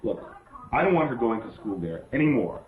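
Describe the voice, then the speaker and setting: A man's voice: medium pitch, big pitch swings, brisk, close to an everyday voice. An actor as a domineering stern father. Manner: domineering, blunt. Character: stern controlling father and husband. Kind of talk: 1970s film acting. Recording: far echoey lo-fi film audio with hiss.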